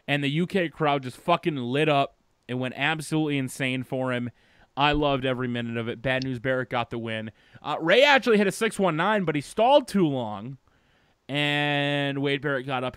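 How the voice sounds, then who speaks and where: A man chats loosely through a wrestling recap on a call-in show, stumbling over fillers and swearing casually. His voice is smooth and clear, recorded dry with no room sound. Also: medium pitch, fairly bright tone, dry recording. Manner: rambling, swears freely, many fillers.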